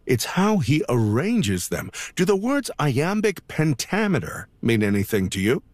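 A man's voice: on the high side, wildly swooping pitch, unhurried, dry recording. A man playing a quirky English teacher, theatrical and playful in an audio drama.

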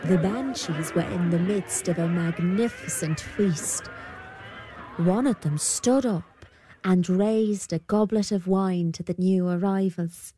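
Slow, measured woman storyteller. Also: lowish voice, noisy background. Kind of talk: scripted folktale narration.

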